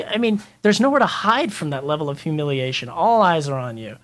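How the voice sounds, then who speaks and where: A man's voice: fairly high pitch, a little fast. A man guest telling a story in casual chat, acting out the people he quotes. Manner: animated, acts out quotes.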